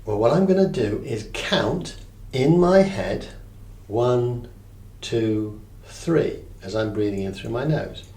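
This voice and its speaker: A man teaching a breathing technique as a mindfulness coach, calm and checking in often with his listener. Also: medium pitch, moderate pace, distant mic. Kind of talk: guided breathing lesson. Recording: echoey room, voice off-mic, faint ambience.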